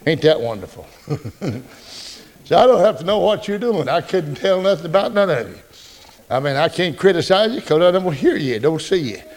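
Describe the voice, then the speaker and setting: A male pastor preaching a folksy, joking, animated sermon. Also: a little high.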